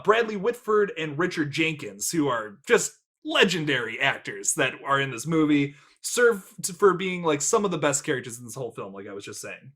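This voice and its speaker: A man's voice: on the high side, bright, forceful tone. A man hosting a casual movie review podcast, rambling, laughing often and wandering into tangents. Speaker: podcast host.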